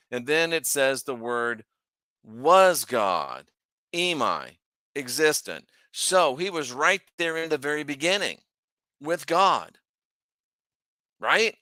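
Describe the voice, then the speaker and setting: A man's voice: mid-range voice, sharp tone, dry recording, clean studio sound. A man hosting his own channel, teaching from the Bible in a casual, emphatic way, asking rhetorical questions and thinking aloud as he shares his screen. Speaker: host.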